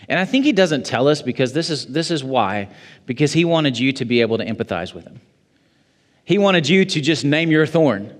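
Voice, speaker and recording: A man preaching a sermon as pastor, quoting scripture in a measured way and building to emphatic high points. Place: church sanctuary. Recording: long church reverb.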